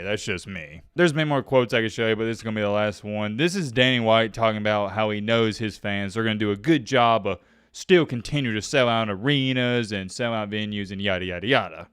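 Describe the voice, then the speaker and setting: A man rants to camera in a casual, exasperated storytelling voice, his pitch swinging up and down as he gets worked up. The tone is smooth and clear, recorded close and dry with no room sound. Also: fairly bright tone, no echo. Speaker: sports commentary vlogger. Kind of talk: casual ranting commentary.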